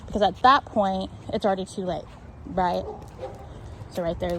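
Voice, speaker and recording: A woman's voice: fairly low pitch, steady tone, normal speed, pauses often, background noise. Explanatory woman dog trainer outdoors. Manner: explanatory, keeps checking in with "right?". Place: outdoors on a neighborhood street.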